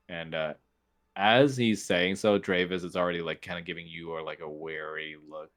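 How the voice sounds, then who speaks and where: A man's voice: low voice, steady tone, moderate pace, fairly bright tone. A man narrating as game master in a casual, filler-heavy way.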